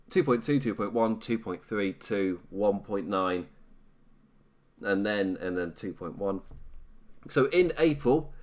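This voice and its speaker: A British man hosting a live stream, commenting casually in a rambling, self-mocking way and laughing often. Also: lowish voice.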